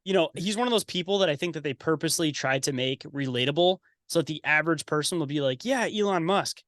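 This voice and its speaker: A man guesting on a podcast, talking in a somewhat high voice. He rants bluntly and swears freely, in a dry, close recording. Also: fast talker, fairly bright tone, no echo. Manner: blunt, profane, conspiratorial rant. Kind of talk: casual chat.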